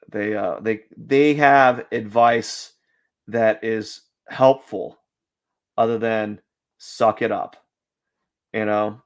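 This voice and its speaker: A young man chatting casually on a drawing live stream, rambling with lots of fillers and restarts. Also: mid-range voice. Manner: rambling, self-deprecating, many fillers and restarts.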